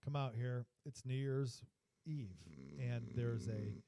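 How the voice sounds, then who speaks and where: A man co-hosting a podcast, telling a long story in a rambling, profane, animated way. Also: mid-range voice, slow pace. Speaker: podcast co-host. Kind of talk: casual storytelling chat.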